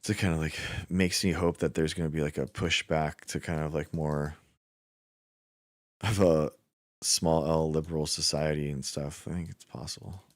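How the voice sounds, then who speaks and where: A man's voice: rumbling low, fairly even intonation, normal speed, no echo, clean studio sound. A young American man hosting a nightly livestream, chatting with viewers, rambling and saying "like" and "dude" a lot. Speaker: livestream host. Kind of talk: casual chat with chat viewers.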